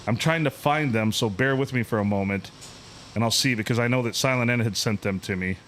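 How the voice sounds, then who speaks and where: A man tells a story on a podcast in a loose, profane, ranting way. He talks at a middling pitch and keeps the anecdote animated. Faint background noise sits under his voice. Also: fairly quick. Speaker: podcast host.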